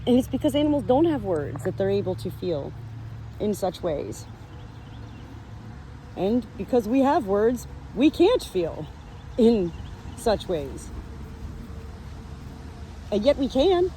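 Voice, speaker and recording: A woman's voice: medium pitch, sing-song, a little slow, pauses often, warm tone, slight background noise, rough recording. A woman vlogging on her farm, talking earnestly to the camera and to her animals as she walks. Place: outdoors on a farm, then indoors with animals.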